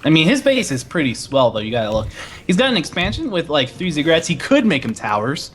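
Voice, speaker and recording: Male esports caster, excitable and rambling, very animated pitch. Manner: excitable, rambling, quick to laugh. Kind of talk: game commentary.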